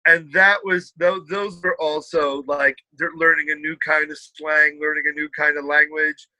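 Bright, animated man telling stories. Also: on the high side, moderate pace, no room sound, poor audio. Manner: animated storyteller, puts on voices. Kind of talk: casual chat.

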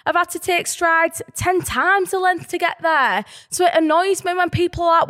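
High-voiced northern English woman. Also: moderate pace. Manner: animated, passionate storyteller. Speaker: podcast co-host, teacher. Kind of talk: casual podcast chat.

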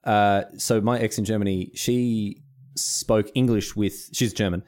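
A man with an Australian accent co-hosting a podcast in casual chat, animated and teasing, often laughing. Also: fairly low pitch, unhurried. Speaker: podcast co-host.

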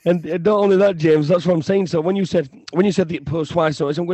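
A young man co-hosting a casual football podcast, ranting in an animated way and often repeating himself. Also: a little high, fast, slightly rough, no echo. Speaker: podcast co-host.

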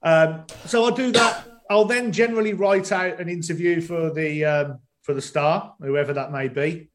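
A stadium announcer joins a talk show by video call, his slightly high voice moving at a moderate pace. The podcast chat is casual, but he hesitates a lot, filling his speech with ums and restarting sentences.

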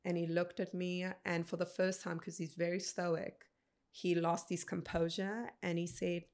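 A woman in her thirties, a podcast guest telling a personal story in an earnest, unhurried way. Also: on the low side, flat delivery, a little mellow. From South Africa. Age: 30s.

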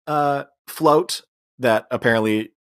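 Male podcast co-host, mid-pitch, casual film recap, laughs a lot, slips into quick funny voices. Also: a bit bright, clear, resonant tone. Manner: laughs often, acts out quoted lines in funny voices. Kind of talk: casual movie recap chat.

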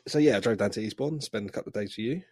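A man's voice: lowish voice, very fast, dark tone, breathy edge, no echo, clean studio sound. A man co-hosting a podcast, chatting casually and rambling with many hesitations. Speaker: podcast co-host. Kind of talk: casual chat.

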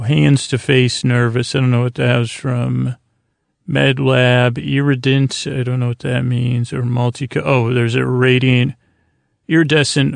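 A man talks through a casual episode recap in a heavily gravelly voice, rambling and halting, with frequent fillers. His delivery stays flat and even, and the recording is dry and close. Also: mid-range voice, no echo. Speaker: podcast host.

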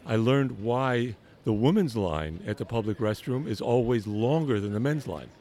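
An older man hosting a podcast outdoors in a garden, teasing and joking with halting restarts. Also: medium pitch, lively intonation, warm tone. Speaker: podcast host. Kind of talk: casual outdoor chat.

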